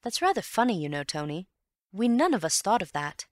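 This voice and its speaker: A woman reading an audiobook and voicing an eager, excitable young Englishman who is easily puzzled, with quick, breathless exclamations. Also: medium pitch, no room sound, studio quality, voice pushed up, lightly acted. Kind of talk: audiobook character voice.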